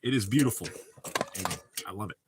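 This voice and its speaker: A man's voice: fairly low pitch, animated, brisk, slight background noise. A man with a Southern US accent, talking in a loose, casual chat with frequent swearing and laughs, a dip in his mouth. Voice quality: drawl, mouth full of dip. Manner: laid-back, swearing, laughs often. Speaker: streamer.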